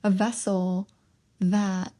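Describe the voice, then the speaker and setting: A young woman hosting her own podcast, telling an emotional personal testimony in a halting way, with pauses and restarts. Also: medium pitch, level tone, dark tone.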